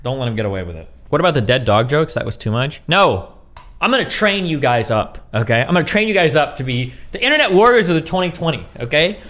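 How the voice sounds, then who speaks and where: A man's voice: a little high, very animated, fast, a bit bright. A man ranting on a livestream in a heated, profane, mocking way. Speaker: streamer. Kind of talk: casual livestream rant.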